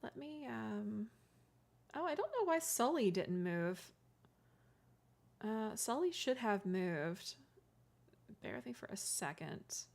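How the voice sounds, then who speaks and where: A woman's voice: a little high, lively intonation, slow pace, vocal fry, long pauses, darkish tone. A woman streamer chatting casually with her live chat, giggly and self-deprecating, often restarting her words. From California.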